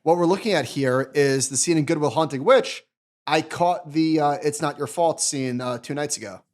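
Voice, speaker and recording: A man's voice: fairly high pitch, normal speed. Upbeat male finance podcast co-host. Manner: chatty, animated, restarts often. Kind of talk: casual finance chat.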